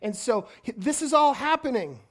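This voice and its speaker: A woman preaching a sermon in an energetic way, often stumbling and repeating words as she goes. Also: high-pitched, normal speed.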